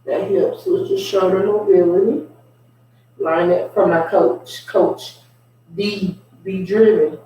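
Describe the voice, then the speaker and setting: A man's voice: sits high, a little hiss or hum. A man leading a home mobility workout, talking casually and unhurriedly as he coaches stretches. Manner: relaxed, unhurried coaching with asides. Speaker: fitness instructor. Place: room at home. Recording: echoey room, far from the mic.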